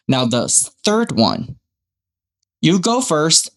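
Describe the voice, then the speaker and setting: A man's voice: on the high side, sing-song, unhurried. Man teaching English. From Taiwan. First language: Mandarin. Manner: explains step by step, models example phrases aloud. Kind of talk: podcast lesson on speaking skills.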